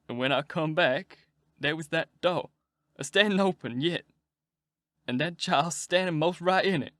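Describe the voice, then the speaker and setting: A man reading aloud, voicing a grieving father who tells his story in a slow rural dialect. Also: a little high, a bit bright, no echo, studio quality. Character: grieving adult man, a plain-spoken father.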